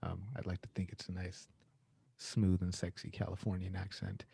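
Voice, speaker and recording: A man hosting a casual online happy hour on a video call, relaxed and easygoing, often calling people "man". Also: deep voice, moderate pace, vocal fry, slightly rough. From Canada. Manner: laid-back, says "man" often, fillers. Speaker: host.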